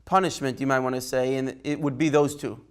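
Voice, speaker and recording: A man's voice: mid-range voice, steady tone, a little fast, clean tone. A man teaching a Torah class in a conversational way, checking in with his students and taking their questions. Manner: conversational, takes questions by name, asks "right?". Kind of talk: informal Torah lesson.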